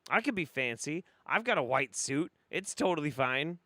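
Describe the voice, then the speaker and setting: Animated, bright-voiced man reacting to clips. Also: a little high, moderate pace. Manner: profane, laughing, incredulous. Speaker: host. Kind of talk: reaction commentary.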